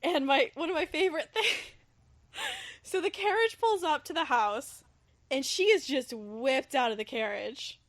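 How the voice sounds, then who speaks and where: A woman speaking at normal speed hosts a podcast, chatting casually about a book with no room sound behind her. She's animated, acting out quotes from it with big jumps in pitch.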